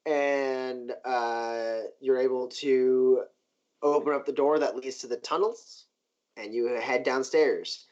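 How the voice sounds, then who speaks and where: A man's voice: mid-range voice, steady tone, slow pace, darkish tone. A man narrating a tabletop game as game master, chatty and loose with lots of fillers. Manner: loose and chatty, many fillers, voices the NPCs in passing. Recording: dull lo-fi stream audio.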